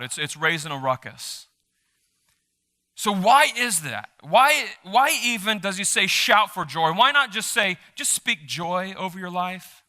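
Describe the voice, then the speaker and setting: A man preaching a sermon as a pastor, reading scripture aloud with energy and dropping into quiet offhand asides. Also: fairly high pitch. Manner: animated, shifts between loud reading and quiet asides. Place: church sanctuary. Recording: reverberant church hall.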